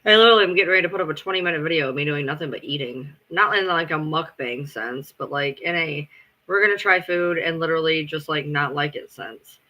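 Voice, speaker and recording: A man's voice: on the high side, fast talker, bright, forceful tone, dull audio. A man chatting casually on a live stream, rambling, swearing freely and answering his chat as he goes.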